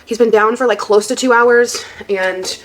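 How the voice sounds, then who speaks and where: A woman vlogging casually on a phone while cooking, chatty and excitable with many fillers. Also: fairly high pitch, moderate pace, slight background noise. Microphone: phone camera.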